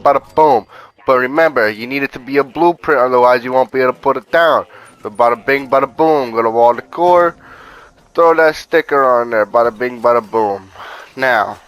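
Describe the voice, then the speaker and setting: Male gaming host, casual profane tutorial voice-over, street-slang step-by-step coaching, mid-pitched voice. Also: fairly bright tone, low-quality recording. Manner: laid-back, profane, repeats "bada bing, bada boom".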